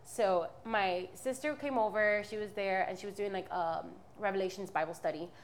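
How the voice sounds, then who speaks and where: A woman's voice: mid-range voice, moderate pace, slight background noise. Candid young woman telling her testimony. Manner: candid, rambling, many fillers and restarts. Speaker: guest. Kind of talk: personal testimony in a podcast interview.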